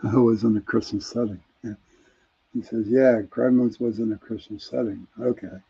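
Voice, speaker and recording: Chuckling as he reads out listener answers, a man with a Pittsburgh accent hosts an easygoing radio chat show. His fairly low voice stays steady at a moderate pace, creaky, mellow, and husky, and the sound is dull and lo-fi.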